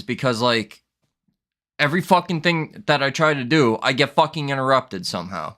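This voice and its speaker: A young man on a live stream, venting in a frustrated rant packed with swearing. He sounds sick and worn down, his voice at an ordinary middle pitch as he keeps circling back to how angry he is. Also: animated, normal speed, a bit bright.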